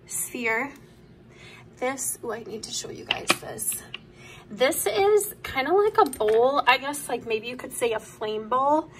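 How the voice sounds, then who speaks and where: A young woman, chatting casually and enthusiastically as she shows off her collection at home, sometimes dropping to soft asides. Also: a little high, slight background noise. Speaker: vlogger. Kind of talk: casual show-and-tell. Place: home room.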